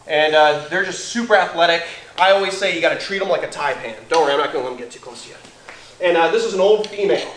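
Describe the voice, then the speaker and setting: A fairly high-voiced young man chats through a livestream, enthusiastic and easygoing as he talks about animals. His voice rings around an echoey room. He talks in a loose, rambling way, jumping between topics. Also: a bit bright. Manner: enthusiastic, chatty. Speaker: reptile keeper and livestream host. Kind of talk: casual livestream chat.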